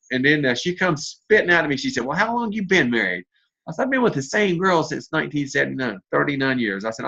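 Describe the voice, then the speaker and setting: A man's voice: medium pitch, creaky, sharp tone, breathy edge, highs cut off. A man in his fifties giving a motivational talk as a network marketing leader, telling stories in a blunt, folksy way with mild cursing. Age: 50s.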